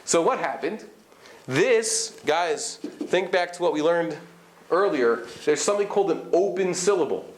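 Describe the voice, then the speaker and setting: A man's voice: a little high, lively intonation, measured pace, a little hiss or hum. A man, a rabbi giving a live class, explaining and demonstrating vowel sounds while checking in with his students. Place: study hall classroom. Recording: echoey room.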